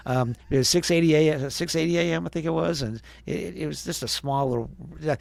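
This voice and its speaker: His voice on the high side and gravelly, a Wisconsin man in his fifties who used to be a radio DJ talks fairly quickly as a podcast guest. He tells stories chattily and acts out the people he quotes, with no echo in the recording.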